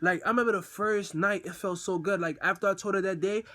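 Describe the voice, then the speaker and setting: A man's voice: high voice, quick pace. A young man telling a personal story in a casual, slangy way, acting out the messages he sent in quoted voices. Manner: slangy, animated, acts out texts in quoted voices.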